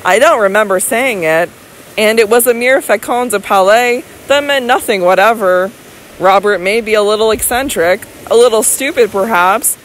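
A woman's voice: medium pitch, a little hiss or hum, natural voice, low-quality recording. A woman reading an audiobook voices an elderly baronet who speaks firmly and tenderly to his wife. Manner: firm, insistent, tender toward his wife. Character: elderly devoted baronet husband, protective and indignant.

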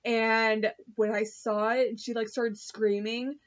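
A woman vlogger gushes about an episode in loose, casual chat, peppered with fillers and the odd swear. Her voice sits a little high and she takes her time. The recording sounds dull and lo-fi. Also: level tone, slow pace. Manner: gushing, chatty, full of "like" and swearing.

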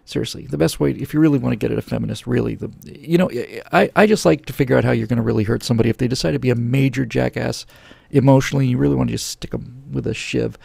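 A middle-aged show host answers viewer questions with a sarcastic, opinionated political rant, close to a studio microphone. His medium-pitched voice races along with vocal fry and a darkish, slightly rough tone, recorded without echo, and he slips into mocking voices.

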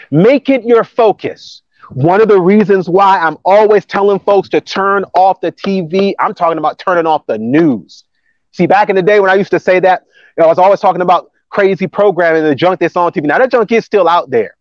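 A man pastor preaching a lively, emphatic sermon, repeating key phrases and laughing now and then. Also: high voice, normal speed, dry recording, muffled recording. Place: church campus building.

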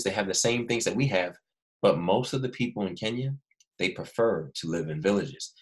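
A male first grade teacher giving a remote lesson, animated and coaxing the children to repeat words after him. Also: sits low. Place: Los Angeles.

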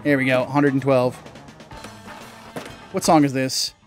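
A young man, a gaming channel host, giving casual gameplay commentary, chatty and excitable, swearing mildly and yelping when things go wrong. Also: measured pace. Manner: excitable, bursts into high yelps and laughs at mistakes. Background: faint game music.

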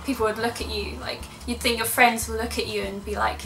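A woman's voice: a little high, little pitch movement, fairly quick, gravelly, a bit bright, slight background noise. A young woman from Russia talking casually to camera, chatty and sarcastic, laughing often. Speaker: vlogger. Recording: echoey room from a distance, music behind.

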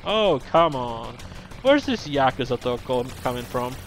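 An actor playing a level-headed detective who tries to calm down a violent man in a video game. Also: medium pitch, unhurried. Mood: firm.

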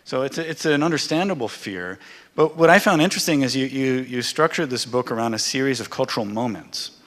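A man, a scholar moderating a panel discussion, talking in an animated, conversational way. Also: mid-range voice, brisk. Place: lecture hall. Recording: reverberant hall.

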